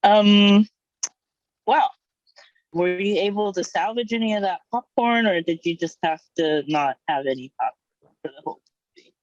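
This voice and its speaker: A woman's voice: mid-range voice, normal speed, long pauses, dry recording. A woman co-hosting a podcast, chatting casually and reacting sympathetically with short replies and laughs. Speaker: podcast co-host. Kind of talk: casual chat. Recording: dull, muffled dry line.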